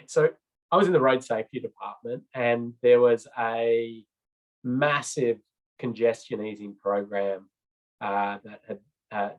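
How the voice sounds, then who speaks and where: Chatty man presenting a training session. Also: mid-range voice. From Australia. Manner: chatty, rambling, many fillers and restarts. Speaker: road safety trainer. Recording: slightly dull lo-fi recording.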